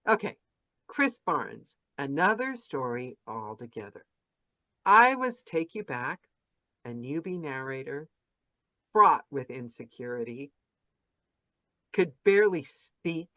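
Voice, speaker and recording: A woman's voice: rumbling low, very animated, takes it slowly, pauses often, sharp tone, no echo. An enthusiastic woman hosts a casual chat over a video call, piling on praise and circling back mid-sentence. The sound is dry and a bit dull. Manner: effusive, chatty, rambling with restarts. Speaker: podcast host interviewing narrators.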